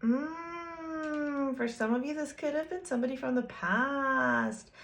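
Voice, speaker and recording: Her high-pitched voice stays steady at a moderate pace, a bit bright and with vocal fry. As a tarot reader, she gives a playful, chatty casual reading, speaking straight to the viewer, teasing and giggling frequently.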